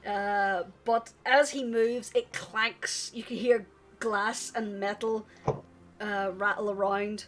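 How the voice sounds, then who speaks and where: A woman's voice: mid-range voice, fairly even intonation, slow, noisy background. A woman narrating as game master of a tabletop game, giggling often and leaning on fillers. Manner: giggly, filler-heavy, hesitant.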